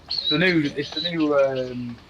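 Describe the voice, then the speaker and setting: A man's voice: fairly high pitch, unhurried, muffled recording, crowd noise. A man, chatting and bantering casually while gaming on a livestream. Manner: easygoing, joking banter.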